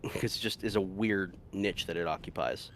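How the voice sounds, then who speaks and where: A man's voice: sits low, moderate pace, music in the background. A man casually commenting while playing a video game, rambling, swearing freely and laughing often.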